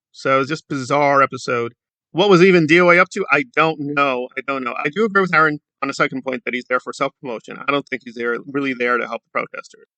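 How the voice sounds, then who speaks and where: A man's voice: medium pitch, sharp tone, no room sound. A man giving a sarcastic, critical commentary in a casual vlog. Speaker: YouTube commentator.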